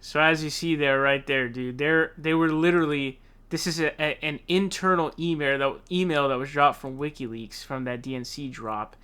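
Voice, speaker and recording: A man's voice: a little high, fairly even intonation, normal speed, pushed and bright, clean tone. A man hosting a political commentary show, ranting casually in a heated, profane, slangy way.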